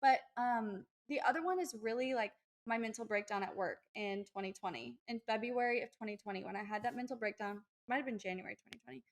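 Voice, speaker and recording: A young woman co-hosting a podcast, telling personal stories in a chatty, animated way. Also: on the high side, fast talker, few pauses. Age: young adult. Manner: chatty, animated storytelling with acted-out quotes. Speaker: podcast co-host. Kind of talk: casual podcast chat.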